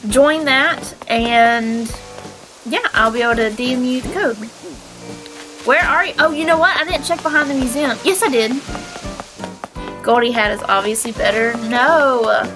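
A young adult woman streaming a game live, chatting excitably with viewers, giggling and squealing, her voice a little stuffy from allergies. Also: fairly high pitch, rough recording. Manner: excitable, giggly, squeals when finding players.

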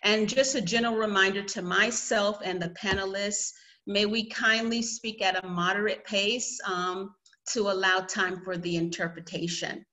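Southern us lady running a zoom panel, bright voice, friendly housekeeping tone. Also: mid-range voice, fairly even intonation, normal speed, poor audio. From United States. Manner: friendly, orderly, gives housekeeping reminders. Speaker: session moderator. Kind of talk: moderating an online conference panel. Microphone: video call.

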